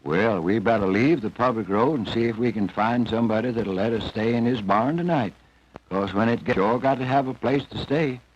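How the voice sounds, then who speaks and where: A man's voice: on the low side, normal speed, slight background noise, close to an everyday voice. A man voicing a sensible, cautious donkey in a folksy, plain-spoken drawl, from an old film soundtrack. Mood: thoughtful. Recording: dull old film soundtrack, faint music.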